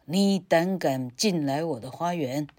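A woman's voice: low-pitched, a little slow, darkish tone. A woman voicing a menacing old witch who snarls her demands in a storybook reading. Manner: snarling, commanding.

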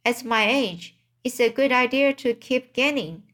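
A frightened young pig, as a woman reads him aloud, pleading and crying out in a raised pitch. He talks slowly, his words breaking into panicky pleas, like a storybook reading. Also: expressive, a bit bright. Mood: cheerful.

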